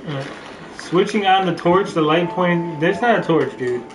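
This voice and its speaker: A man's voice: on the high side, moderate pace, distant mic, background noise. A man hosting a casual gameplay session, joking, rambling and reading the game's text aloud. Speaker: let's play host. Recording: roomy sound from off-mic, game music. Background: game music.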